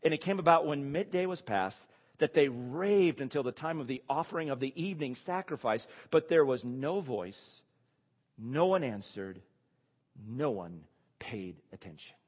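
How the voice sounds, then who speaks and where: A man preaching an expository sermon, animated, full of rhetorical questions and chuckling asides. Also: mid-range voice, moderate pace. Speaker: pastor or Bible teacher. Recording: long reverb of a large hall.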